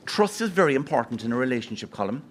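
A man's voice: mid-range voice, big pitch swings, fast talker. A man playing a pompous, condescending wealthy man in a live comedy bit on a handheld mic. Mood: smug. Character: pompous snobbish wealthy man lecturing locals. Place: live outdoor broadcast before an audience. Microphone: handheld microphone.

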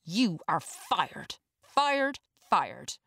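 A woman's voice: deep voice, a little slow, no room sound, studio quality. A woman reading a storybook, voicing a bitter, controlling rich older man who screams and bullies. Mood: screaming. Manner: screaming, bullying.

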